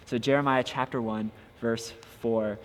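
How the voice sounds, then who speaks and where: In a casual devotional podcast, a young man who works as a youth pastor speaks earnestly and encouragingly, often using filler sounds. His mid-range voice stays steady and unhurried, and the audio carries long reverb plus faint background noise.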